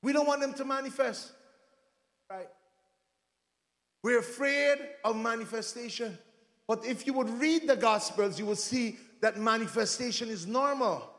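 A man preaching in a very high voice, his rousing sermon rising into shouts as he prompts the congregation to answer him. His voice rings through a large hall with a long echo trailing each phrase. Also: measured pace.

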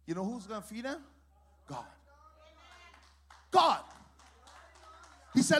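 A man with a very high voice preaching a sermon. He lets his delivery climb into loud, half-sung shouts, then drops into quiet asides, and he repeats his phrases over and over for emphasis. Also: sing-song, a little slow, long pauses, slightly rough. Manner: preaching with rising shouts and sing-song cadences. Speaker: pastor.

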